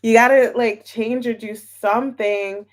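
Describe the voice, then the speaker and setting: Girl doing a live tarot reading, kinda high voice, slow and rambly, chats with viewers. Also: steady tone. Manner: chatty and scattered, repeats herself, greets chat viewers. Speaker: tarot reader.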